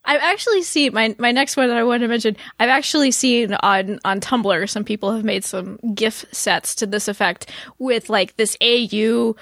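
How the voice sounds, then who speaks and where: A woman hosting a podcast, chatty and quick to laugh, speaking in a casual way. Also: fairly high pitch, vocal fry, fairly bright tone, no echo. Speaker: podcast host.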